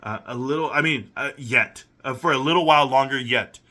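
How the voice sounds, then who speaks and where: A man's voice: mid-range voice, brisk, sharp tone. A young adult man hosting a reaction commentary, reading messages aloud and picking at them with sarcastic, incredulous questions. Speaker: commentary channel host.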